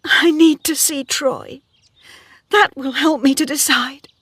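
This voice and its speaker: A woman's voice: high voice, fairly even intonation, takes it slowly, a bit bright, no echo, studio quality, pitched above the performer's own voice. A woman reader voicing a spirited young woman farmer in an earnest, pleading way. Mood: pondering. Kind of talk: dramatic story reading.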